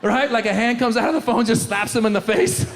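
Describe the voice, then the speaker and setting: Male standup comic, high voice, mocking, live hall echo, faint room noise. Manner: quick, mocking, talks straight to the crowd. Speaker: stand-up comedian. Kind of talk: stand-up comedy set. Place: live comedy stage before an audience.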